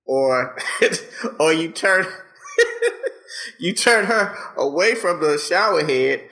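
A man talking in a relaxed podcast chat, his voice bright and forward and pitched a bit high. He swears freely, uses plenty of slang and keeps breaking into laughter as he spins his stories. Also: extremely slow. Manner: laughing often, slangy and profane, animated storytelling. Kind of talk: casual chat.

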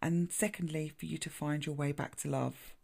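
A woman's voice: low-pitched, fairly even intonation, moderate pace, vocal fry, warm tone. A woman hosting a casual solo podcast, chatting loosely, interrupting herself and laughing at her own slips as she pulls and reads a card. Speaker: podcast host.

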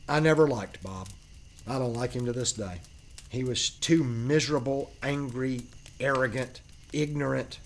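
A podcast host with a medium-pitched voice recounts a paranormal experience in the first person. He speaks earnestly and emphatically, using dramatic pauses. There is slight background noise.

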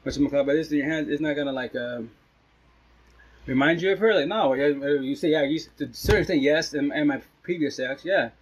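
A man's voice: fairly high pitch, a little fast, breathy edge, lo-fi sound. A man livestreaming casually from home as a father talking to his followers, rambling and restarting sentences, sometimes dropping in Spanish words. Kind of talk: casual live-stream chat. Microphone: phone live stream.

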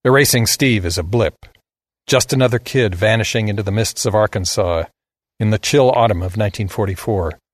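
A man's voice: lowish voice, a little fast, no echo, clean studio sound. A man giving a scripted narration of a story in a blunt, sardonic manner.

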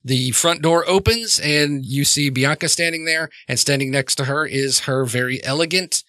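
Bright-voiced man running a tabletop game. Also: a little high, moderate pace, no room sound. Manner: casual, rambling, many fillers. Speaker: game master.

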